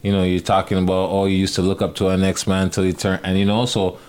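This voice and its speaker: A man with a somewhat low voice talking through his take on a rap song. He argues steadily and at length in relaxed podcast chat. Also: fast talker, clean tone. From Canada. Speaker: podcast co-host. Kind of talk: casual chat about music.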